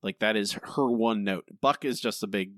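A man's voice: lowish voice, moderate pace, dry recording, clean studio sound. A young man co-hosting a podcast, ranting in a casual, exasperated way and repeating his points. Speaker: podcast co-host.

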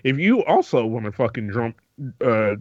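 A man's voice: medium pitch, big pitch swings, moderate pace, darkish tone, no room sound, lo-fi sound. A man co-hosting a comedy podcast, stammering and restarting often as he tells an anecdote. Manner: hesitant, stammering, restarts often, laughs easily. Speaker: podcast co-host. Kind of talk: casual comedic chat.

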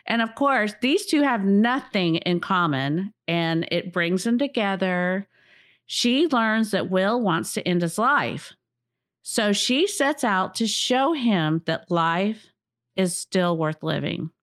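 A woman co-hosting a casual book chat, animated and dramatic, often exclaiming. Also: medium pitch, slow. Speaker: co-host.

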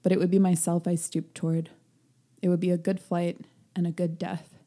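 A wise old chained bird, read aloud by a woman, speaks quietly and wistfully in a low, mellow voice. It is a storybook reading with almost no put-on voice. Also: level tone, normal speed, lightly acted.

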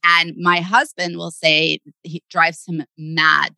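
Bright, playful woman podcast co-host. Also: fairly low pitch, level tone, slow, gravelly, dry recording, low-quality recording. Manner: laughing, self-deprecating, playful. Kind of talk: casual podcast chat.

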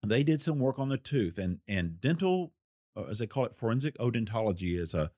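An older man and former investigator telling a case story in a folksy, unhurried way with a wry edge. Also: mid-range voice, expressive, a little mellow, no echo, clean studio sound. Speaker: retired federal investigator recounting a case. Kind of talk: storytelling interview.

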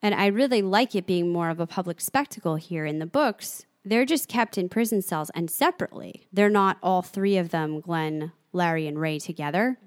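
A woman co-hosting a casual podcast discussion, reading passages aloud in an animated way. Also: fairly low pitch, moderate pace, hardly any pauses, no echo, clean studio sound. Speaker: podcast co-host. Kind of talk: casual book and show discussion.

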